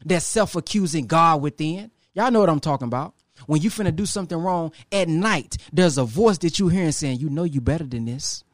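Male motivational speaker, high voice, dry close mic, preacherly with dramatic pauses. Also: expressive, no room sound. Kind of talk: motivational talk to a live audience.

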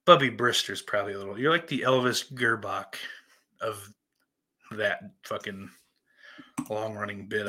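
Lively, bright-voiced male podcast host. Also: medium pitch. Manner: profane, rambling, self-deprecating banter; animated swings between loud outbursts and muttered asides. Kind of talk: casual live-stream chat, reading viewer comments.

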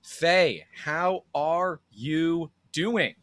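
A man in his thirties hosting a podcast, chatting casually and joking, with a low announcer tone when he reads the sponsor. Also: extremely slow, fairly bright tone, dry recording. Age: 30s. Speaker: podcast host. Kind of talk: casual chat.

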